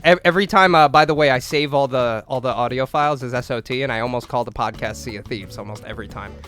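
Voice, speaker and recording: A young man co-hosting a podcast, telling a long story in a loose, profane way, acting out voices and shouting at the big moments. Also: medium pitch, fast, music in the background. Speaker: podcast co-host. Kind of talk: casual storytelling chat.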